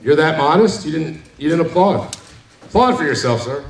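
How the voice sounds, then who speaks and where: A man's voice: fairly high pitch, lively intonation, normal speed, vocal fry, noisy background. A man in his forties doing a stand-up set at a bar, joking and teasing the crowd. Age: 40s. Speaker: stand-up comedian. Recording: echoey hall, mic from far, crowd.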